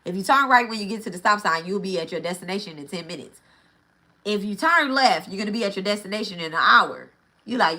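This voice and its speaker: A woman's voice: mid-range voice, animated, fast talker, pushed and bright. A woman giving a casual spiritual teaching, blunt and profane, repeating her points and often checking in with "right?" and "okay?". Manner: repeats key phrases for emphasis.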